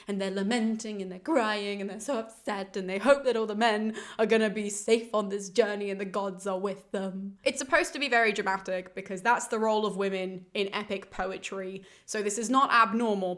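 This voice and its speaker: A young woman runs a casual podcast lesson, retelling an ancient epic in a loose, conversational way. She swears offhandedly and slips into mocking little voiced asides when the characters annoy her. Her pitch sits in an ordinary middle range. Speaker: podcast host summarising a classical epic. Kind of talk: casual educational summary.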